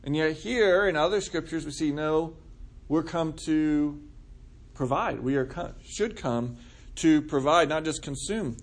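A man's voice: on the high side, measured pace. A man preaching a conversational sermon, asking the congregation questions and answering them. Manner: casual, asks the room questions. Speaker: pastor.

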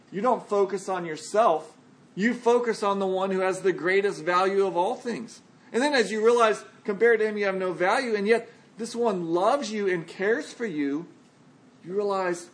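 Male pastor, high voice, relaxed conversational sermon delivery with scripture readings.

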